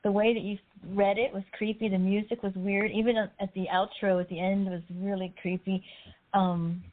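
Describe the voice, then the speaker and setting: A woman's voice: medium pitch, little pitch movement, normal speed. Chatty woman host on a tinny line. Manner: laughs often, chatty and teasing. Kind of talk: casual chat. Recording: tinny phone-like online audio.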